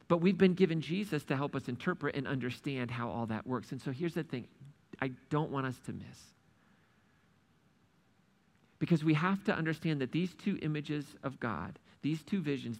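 A man preaching a sermon, retelling a parable with lively acted-out dialogue. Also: a little high. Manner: animated storytelling, acts out the characters' lines. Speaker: pastor.

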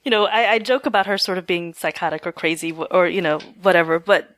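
A woman's voice: lowish voice, fairly even intonation, quick pace, fairly bright tone, no room sound. A woman co-hosting a podcast, musing on a TV episode with lots of "you know" and "um". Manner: thoughtful, hedging with fillers like "you know" and "um". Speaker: podcast co-host. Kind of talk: casual TV recap chat.

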